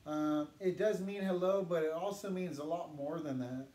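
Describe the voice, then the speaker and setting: Guy teaching a language class, bit high voice, slow patient repeats, echoey room. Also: dark tone. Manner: patient, repeats words slowly for learners. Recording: echoey room with faint noise.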